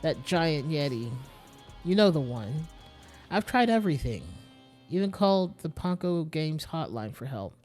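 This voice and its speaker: A chummy young gamer lad, put on by a streamer reading game dialogue, pushy and loud. He leans on slang and calls the listener mate, with faint game music behind him. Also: mid-range voice, very animated, measured pace.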